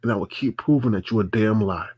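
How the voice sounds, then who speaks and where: A man's voice: lowish voice, fast talker, slightly rough, no room sound, highs cut off. A man hosting a livestream, scolding a viewer in a confrontational, repetitive rant. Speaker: livestream host.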